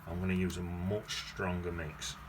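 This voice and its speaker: A man's voice: deep voice, flat delivery, moderate pace. A man teaching watercolour, chatting casually and thinking aloud as he paints, often correcting himself. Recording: noticeable background noise.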